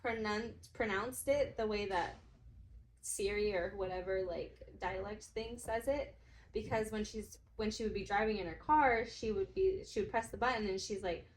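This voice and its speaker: A young adult woman, a podcast guest in casual chat, telling lively stories, laughing often and acting out the voices of others. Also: mid-range voice, normal speed, slight background noise. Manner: animated storyteller, laughs often, acts out quotes.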